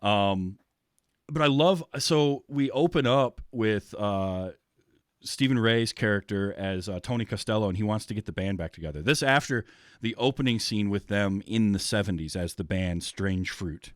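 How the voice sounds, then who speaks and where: Guy hosting a movie podcast, lowish voice, lots of ums and restarts, dry close sound. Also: moderate pace, dry recording. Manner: chatty, many fillers and restarts. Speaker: podcast host. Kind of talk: casual film discussion.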